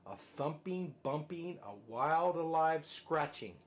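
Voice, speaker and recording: Brief: dad at bedtime reading, slow sing-song, slightly high voice. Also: male voice, lively intonation. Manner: sing-song rhythmic reading, dropping soft at line ends. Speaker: father reading to his child. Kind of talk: reading a rhyming picture book aloud.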